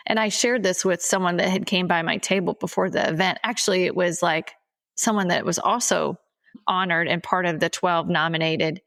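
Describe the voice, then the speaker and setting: A woman's voice: lowish voice, steady tone, normal speed, gravelly, a bit bright. A woman co-hosting a casual podcast chat, candid and direct, speaking openly and earnestly. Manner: candid, teasing then earnest. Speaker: podcast co-host.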